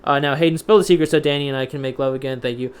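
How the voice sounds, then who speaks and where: A man's voice: medium pitch, fairly even intonation, racing, clear, resonant tone. A man hosting a live stream, reading out viewer cheers casually with many fillers. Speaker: host.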